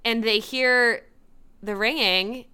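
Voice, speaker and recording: A woman's voice: on the high side, fairly even intonation, slow, bright, forceful tone, smooth. A young woman co-hosting a casual podcast, chatty and giggly, recapping a TV episode and acting out the characters' lines. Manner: chatty, giggly, acts out quotes. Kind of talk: casual chat.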